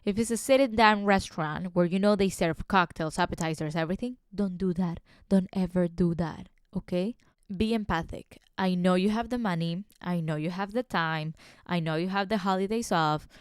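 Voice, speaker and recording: Woman, podcast host, casual storytelling, animated, indignant, clear resonant voice, mid pitch. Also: dry recording, studio quality.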